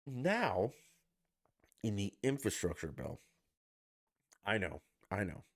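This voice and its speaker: Low-voiced man ranting sarcastically. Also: sing-song, slow pace. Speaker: podcast host. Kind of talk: casual solo commentary.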